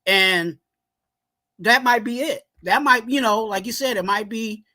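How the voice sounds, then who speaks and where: A man co-hosting a live sports fan stream, talking in a heated rant and yelling at times. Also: high-pitched, a little slow. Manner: heated, ranting, yells at times. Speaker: co-host of a sports fan livestream.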